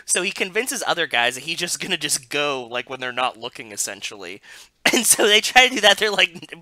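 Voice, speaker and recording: A man's voice: fairly high pitch, brisk, no room sound. A man co-hosting a podcast, casually retelling a movie with lots of laughter and acted-out lines. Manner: laughs often, animated, acts out lines. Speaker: podcast co-host. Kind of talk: casual chat recapping a movie.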